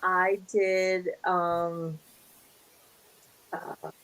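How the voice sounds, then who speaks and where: This young woman is a guest actress in a relaxed interview, talking at an extremely slow pace in a fairly low voice, and the recording is rough. Animated throughout, she performs the quoted lines in her stories and laughs frequently.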